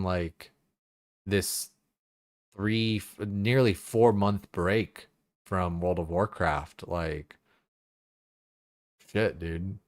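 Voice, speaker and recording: A man's voice: on the low side, no room sound, clean studio sound. A man streaming games, rambling casually with lots of fillers and swearing. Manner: rambling, profane, filler-heavy. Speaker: game streamer.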